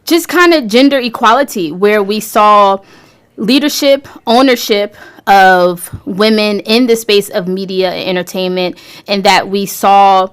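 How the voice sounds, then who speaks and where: Smooth-voiced, upbeat woman radio host. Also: medium pitch, measured pace. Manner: upbeat, enthusiastic promotional delivery. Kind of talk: radio talk show hosting.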